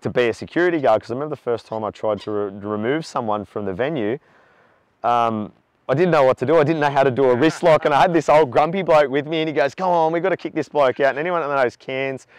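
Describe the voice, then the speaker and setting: A man's voice: mid-range voice, quick pace, dry recording. Talkative Australian man in his forties. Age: 40s. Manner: talkative, animated when retelling stories. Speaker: charity walker. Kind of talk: candid conversational storytelling.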